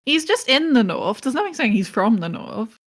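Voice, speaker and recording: A woman's voice: a little high, very animated, normal speed, no room sound, clean studio sound. A woman streaming a game with friends, chatting casually with a sweary, exasperated edge. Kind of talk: casual chat.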